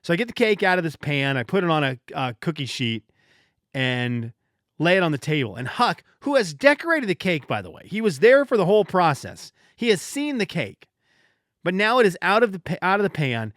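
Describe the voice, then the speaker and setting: Podcast guy in his 30s, kinda high voice that jumps all over, joking around, dry close sound. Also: brisk, no room sound. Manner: animated, joking, often restarts sentences. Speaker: podcast host. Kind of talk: casual solo podcast storytelling.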